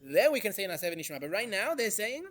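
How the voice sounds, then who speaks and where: Animated man teaching a class. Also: sits high, fast. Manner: animated, questions the class, Hebrew verse quotes. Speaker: Torah teacher. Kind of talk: interactive Torah class.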